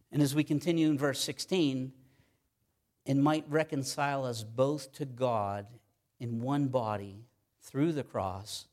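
Male pastor, mid-pitched voice, emphatic sermon delivery, repeats key lines, reads verses slowly.

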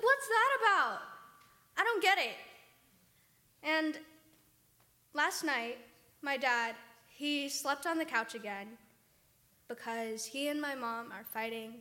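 A woman's voice: very high voice, big pitch swings, slow, long pauses, bright, forceful tone, heavily acted. An actress playing a despairing young woman who complains to God in a whiny, self-pitying way, in a comedy sketch. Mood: complaining.

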